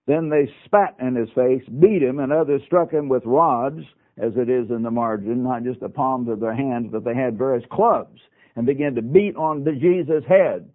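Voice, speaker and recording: A man preaching a broadcast Bible sermon, his voice at an ordinary middle pitch. He speaks with emphasis and drops folksy asides to his listeners. The sound is narrow and thin, like a phone line. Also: normal speed. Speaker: radio Bible teacher.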